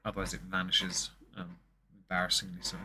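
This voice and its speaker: A man's voice: deep voice, completely flat delivery, fairly quick, gravelly, bright, forceful tone. A man from southern England with a posh southern English accent, co-hosting a casual political commentary chat, wry and chatty with a slight stammer now and then. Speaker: podcast co-host.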